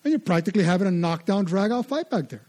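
A man preaching a sermon, animated and conversational, often repeating his words for emphasis. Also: high-pitched, fast. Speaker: pastor.

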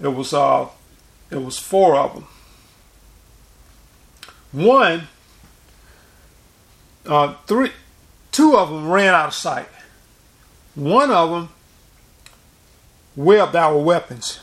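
A man's voice: fairly high pitch, lively intonation, drawn-out words, long pauses, a bit bright. A man preaching informally and recounting a dream, rambling with frequent restarts and repeated words. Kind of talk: informal sermon and dream testimony.

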